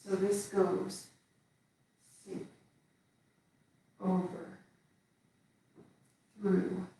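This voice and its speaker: A woman teaching a qigong form, calmly cueing each step as she moves through it. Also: medium pitch, drawn-out words. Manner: calm step-by-step cueing while moving. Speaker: qigong instructor. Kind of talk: guided movement class. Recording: echoey room from far off.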